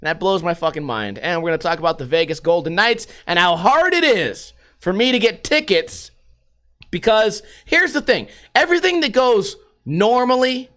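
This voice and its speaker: A middle-aged man with a fairly high voice tells a long story in a casual vlog. He rambles and swears freely, with an animated, storytelling delivery. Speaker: vlogger.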